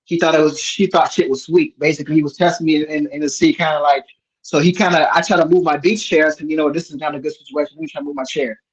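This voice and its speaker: A man telling a story in casual chat, rambling and animated with many restarts. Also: on the high side, fast. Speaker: host. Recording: dull lo-fi sound.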